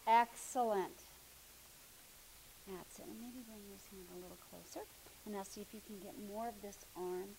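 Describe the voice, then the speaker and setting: Soft-spoken woman coaching a movement class. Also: mid-range voice, steady tone, normal speed, vocal fry, pauses often, slight background noise, poor audio. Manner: coaxing, encouraging, often drops to a near murmur. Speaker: movement instructor. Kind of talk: hands-on class instruction.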